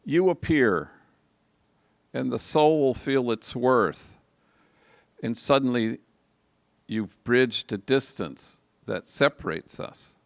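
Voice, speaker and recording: A man's voice: mid-range voice, expressive, no echo. An older man, a priest, telling a story in a reflective homily at a live liturgy. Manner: slow, reflective, gravelly delivery.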